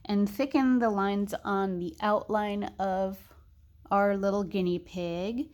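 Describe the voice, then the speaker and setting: A young woman narrating a casual drawing tutorial, chatty and thinking aloud with soft muttered asides. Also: medium pitch, steady tone, slow pace.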